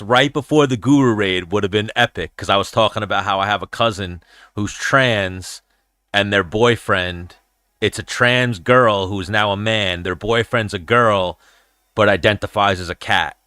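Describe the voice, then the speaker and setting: A man's voice: fairly low pitch, moderate pace, sharp tone, no room sound, clean studio sound. A man hosting a casual livestream chat while watching fights, blunt, profane and rambling. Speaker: podcast host.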